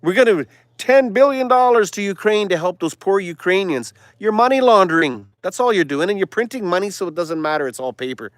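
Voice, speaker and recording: A man's voice: high-pitched, animated, fairly quick, few pauses, no echo, clean studio sound. Impassioned man preaching on a livestream. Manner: impassioned, swings from loud declarations to hushed whispers. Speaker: livestream host. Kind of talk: preachy conspiracy monologue.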